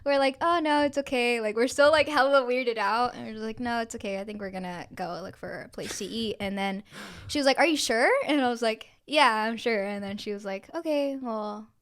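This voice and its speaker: Higher-pitched woman telling a story with lots of swearing. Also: fairly quick, clear, resonant tone. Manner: animated, swears freely, acts out quoted people. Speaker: podcast co-host. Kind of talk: casual storytelling chat.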